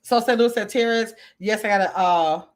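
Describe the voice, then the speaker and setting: A woman's voice: medium pitch, normal speed. A woman hosting a livestream from her computer at home, chatting casually with her viewers and reading their comments aloud. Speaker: livestream host reading chat.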